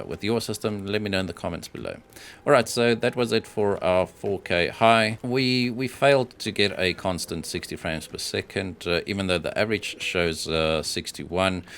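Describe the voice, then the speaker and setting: A man giving casual voice-over commentary on gameplay benchmarks, hesitant and matter-of-fact, often pausing with filler sounds. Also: deep voice, fairly bright tone, slight background noise.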